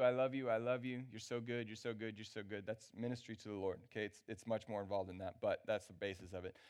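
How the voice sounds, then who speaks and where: A man preaching a sermon as pastor, talking casually and checking in with the congregation. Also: medium pitch. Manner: conversational, checks in with the crowd. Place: church gathering.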